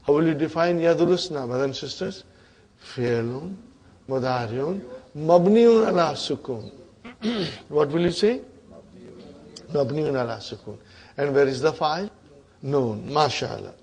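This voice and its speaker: A man teaching an Arabic grammar class, quizzing students with repeated questions and clearing his throat often. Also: fairly high pitch, lively intonation, a little slow, long pauses, darkish tone, rough recording.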